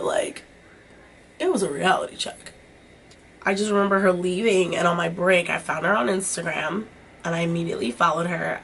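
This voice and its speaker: A woman's voice: fairly low pitch, creaky, a bit bright, slight background noise. A young woman vlogger chatting casually while doing her makeup, swearing freely and filling her talk with "like". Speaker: beauty vlogger.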